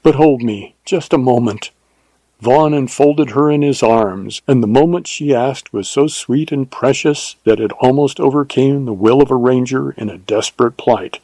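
A man narrating a western novel as an audiobook, in a measured storytelling manner on a close studio mic. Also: medium pitch, mellow, no room sound, rough recording.

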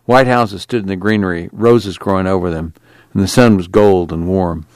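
A man narrating an audiobook in a steady, plain storytelling manner. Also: low-pitched, moderate pace, no room sound. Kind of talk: scripted narration.

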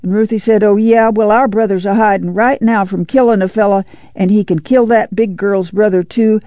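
Male reader voicing a young country boy, higher and hurried, dry lo-fi audiobook. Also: gravelly, dark tone, dry recording. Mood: breathless. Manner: rushed, tumbling storytelling.

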